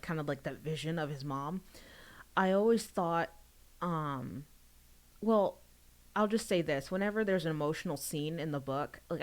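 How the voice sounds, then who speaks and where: A young woman chats casually with her livestream viewers about the book she wrote. She rambles and giggles, and her voice jumps up high when something excites her. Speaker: author streaming a book reading.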